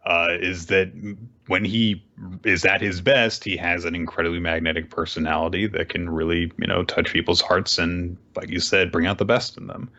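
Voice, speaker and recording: A man co-hosting a podcast, recapping a comic chapter in a casual, lively way. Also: deep voice, normal speed. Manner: animated retelling, jumps into character voices for quotes. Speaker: podcast co-host. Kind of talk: casual recap with acted-out lines. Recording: dull lo-fi podcast audio.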